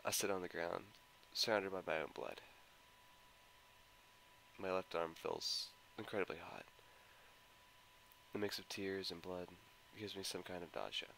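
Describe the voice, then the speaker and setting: Deep-voiced man narrating with anguish. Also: measured pace, gravelly, pauses often, sharp tone, slight background noise, poor audio. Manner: emotional, anguished, tense delivery. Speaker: visual novel mod reader. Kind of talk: dramatic first-person game narration. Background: guitar music.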